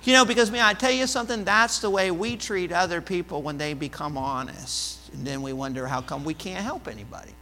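High bright-voiced preacher in an echoing hall. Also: male voice, fairly quick, hardly any pauses. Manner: storytelling, swings between hushed and loud emphatic delivery. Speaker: pastor. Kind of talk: conversational sermon. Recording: reverberant hall with mains hum.

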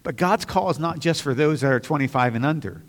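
A man with a fairly high voice preaching in a church hall, where a long echo trails each phrase. His delivery is earnest and often builds to emphatic stretches, and a slight stammer shows in small restarts. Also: a little fast. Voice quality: slight stammer on some words. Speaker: pastor. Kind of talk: sermon.

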